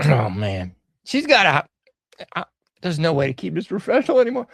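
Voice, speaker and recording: A man's voice: fairly high pitch, huge pitch swings, a little slow, gravelly, pauses often, fairly bright tone, husky, no room sound. A man hosting a podcast, riffing sarcastically on news clips and laughing often. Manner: sarcastic, laughing, drawling slang. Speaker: show host. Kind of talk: casual podcast commentary.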